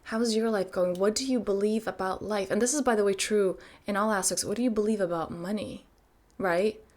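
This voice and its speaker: A woman's voice: mid-range voice, steady tone, a little fast, a little mellow. A woman in her thirties, a self-help coach giving a motivational talk to camera, emphatic and full of rhetorical questions.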